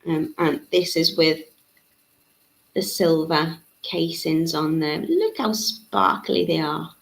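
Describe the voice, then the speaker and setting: A woman's voice: low voice, slow pace, creaky. A woman, teaching a live beading tutorial in a chatty way, with frequent ums. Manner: chatty, reads out viewer comments, frequent ums. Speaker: jewellery-making tutor. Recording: echoey room.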